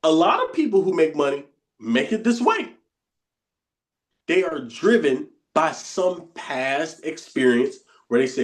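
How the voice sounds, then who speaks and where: This bootcamp coach speaks with a fairly high, very animated voice, a little slow. His lesson is informal and conversational, full of repeated phrases and inner voices muttered under his breath.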